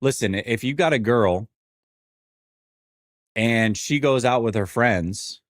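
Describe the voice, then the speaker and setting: A man in his forties hosting a live sports stream, venting his frustration and answering chat in an animated, exasperated way. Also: mid-range voice, takes it slowly, dry recording, clean studio sound. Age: 40s. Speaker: sports show host.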